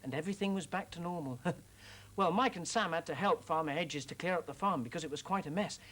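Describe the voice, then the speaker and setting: A British woman presenting children's television, telling a story to young children in a gentle, expressive, exclaiming way. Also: on the low side, fast.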